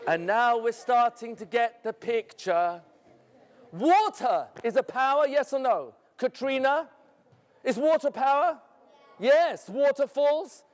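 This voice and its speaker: A man's voice: very high-pitched, slow. A man telling a dramatic first-person story to students, theatrical and asking his audience questions. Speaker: educator. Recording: echoey hall.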